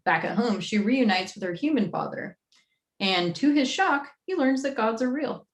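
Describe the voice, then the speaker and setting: A woman's voice: on the high side, animated, normal speed. Chatty woman in an echoey room. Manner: chatty, many fillers. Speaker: comics publisher staff host. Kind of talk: casual livestream rundown.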